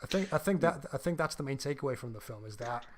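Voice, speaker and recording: A man's voice: mid-range voice, lively intonation, fast, a little hiss or hum. A man co-hosting a podcast, talking casually and animatedly about a film, swearing freely and acting out quotes. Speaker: podcast co-host.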